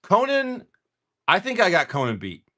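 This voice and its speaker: A middle-aged man hosting a card-opening livestream, rambling through stories and swearing freely between pulls. His pitch jumps around in a lively way. He talks at an ordinary middle pitch, in a relaxed, chatty way. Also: brisk. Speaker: livestream card-breaking host. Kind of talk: casual chat while opening card packs.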